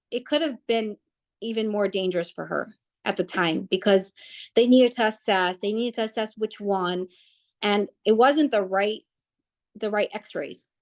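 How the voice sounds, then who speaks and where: Woman telling a family story, rambling. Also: mid-range voice. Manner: rambling, with many restarts and fillers. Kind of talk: casual personal storytelling.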